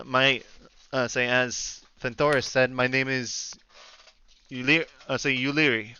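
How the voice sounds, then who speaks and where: A man's voice: mid-range voice, bright, forceful tone, clear, resonant tone, muffled recording, lightly acted. A man voicing a haughty young woman, the niece of a powerful druid, with an aloof, dry French accent. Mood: polite.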